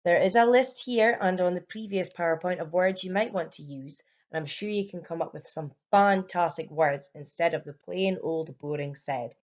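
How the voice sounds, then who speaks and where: Bright, encouraging Scottish woman teacher. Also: lowish voice, normal speed, hardly any pauses, lo-fi sound. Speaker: primary school teacher. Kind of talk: recorded home-learning lesson.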